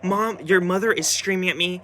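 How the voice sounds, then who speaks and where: A man's voice: high-pitched, moderate pace, pushed and bright, slight background noise, voice pushed up. A man imitating his frightened elderly grandmother, speaking in a whining, pleading voice.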